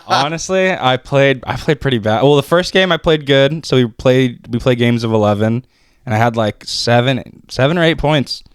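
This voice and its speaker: Young guy cohosting a podcast, easygoing and rambly, smooth voice. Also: mid-range voice, moderate pace, no room sound, studio quality. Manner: easygoing, rambling storytelling with many restarts. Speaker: podcast co-host. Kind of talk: casual podcast chat.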